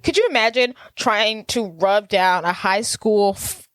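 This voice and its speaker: A woman's voice: mid-range voice, a little slow, a bit bright, dry recording. A woman co-hosting a podcast, casually recapping a movie with dry, sarcastic asides. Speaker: podcast co-host.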